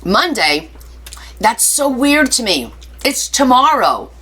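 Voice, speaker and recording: A woman's voice: a little high, very animated, slow pace, bright, forceful tone, husky. A woman hosting a casual craft live stream, chatty and playful, reading viewer comments aloud and answering them with jokey asides. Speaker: craft livestream host.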